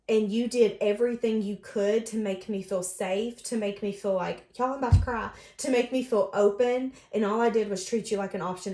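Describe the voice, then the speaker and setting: A woman's voice: mid-range voice, darkish tone. Emotive woman reading tarot, echoey room. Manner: earnest, emotive, speaks from the other person's view. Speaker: tarot reader. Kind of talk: casual spoken tarot reading.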